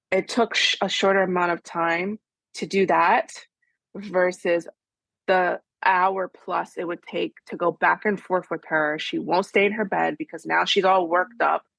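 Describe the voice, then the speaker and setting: Woman, mother, rambling with fillers, gravelly, low. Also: a bit bright, dry recording. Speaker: mother in coaching. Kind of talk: casual chat.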